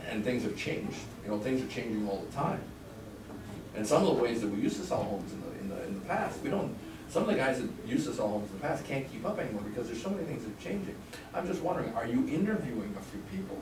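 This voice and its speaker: A man leads a live sales training session, speaking in a chatty way and quizzing his students with questions. He is picked up from a distance in a reverberant room, with a clear layer of background noise under his voice. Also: mid-range voice, very animated, fast. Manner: conversational, quizzes the class with questions. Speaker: real estate sales trainer. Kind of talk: live class teaching.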